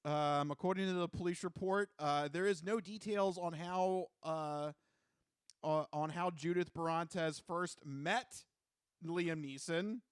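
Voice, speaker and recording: Easygoing podcast co-host man, slightly high. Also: slow, clean tone, dry recording, studio quality. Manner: easygoing, recaps a news story with many fillers. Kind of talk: casual chat.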